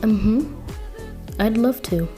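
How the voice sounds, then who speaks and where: A woman's voice: a little high, drawn-out words, dark tone, faint music behind. A woman doing a stammering shy young sweetheart. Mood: bashful. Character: shy, nervous young sweetheart confessing love.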